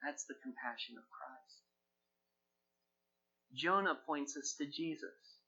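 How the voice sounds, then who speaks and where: Bright-voiced male preacher, lo-fi. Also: a little high, takes it slowly, gravelly, husky. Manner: emphatic scripture reading with paraphrased dialogue. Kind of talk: sermon. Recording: dull lo-fi recording.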